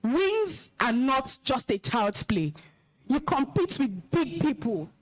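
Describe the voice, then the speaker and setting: A woman's voice: high-pitched, very animated, takes it slowly. A young Nigerian woman, an alumna, gives a stern, emotional talk to schoolchildren, commanding and scolding them. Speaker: alumna speaker at school event. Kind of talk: stern address to students.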